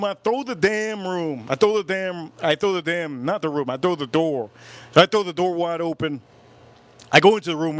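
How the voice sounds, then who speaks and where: Live host, male, slightly high voice, retelling a creepy experience in an animated, repetitive way. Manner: animated, repetitive, keeps breaking off about goosebumps. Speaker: whiskey channel host. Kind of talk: casual livestream storytelling. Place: home, live stream.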